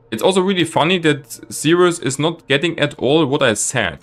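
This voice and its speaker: Animated streamer ranting at his chat. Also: moderate pace, hardly any pauses, soft background music. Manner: exasperated, ranting at chat with lively swings of pitch. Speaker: live streamer. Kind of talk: casual gameplay commentary.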